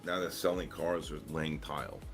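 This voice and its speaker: A man's voice: a bass voice, steady tone, moderate pace, soft background music. A middle-aged man trading live on a stream, chatting casually and rambling through stories with lots of fillers and restarts. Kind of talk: casual chat.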